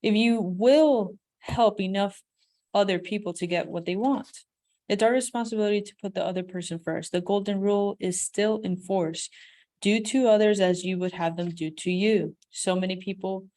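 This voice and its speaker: A woman reads a self-help book aloud in a medium-pitched voice. Her reading is lively and emphatic. Now and then she drops into casual, off-script comments. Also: normal speed. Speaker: audiobook reader.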